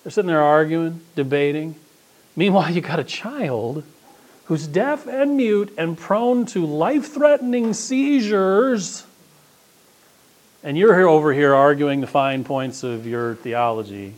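Animated conversational male preacher. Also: fairly high pitch, unhurried. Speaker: pastor. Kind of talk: sermon.

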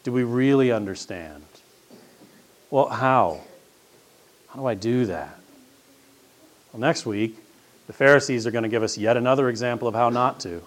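A man's voice: mid-range voice, normal speed, long pauses. A man giving a sermon as a pastor and teacher, telling stories casually and building up to emphatic questions. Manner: conversational storytelling with rising emphatic questions.

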